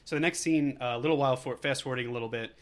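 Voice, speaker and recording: A man's voice: medium pitch, very fast. A man co-hosting a podcast, recapping a movie in casual chat, rambling loosely with lots of fillers and frequent laughter. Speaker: podcast co-host.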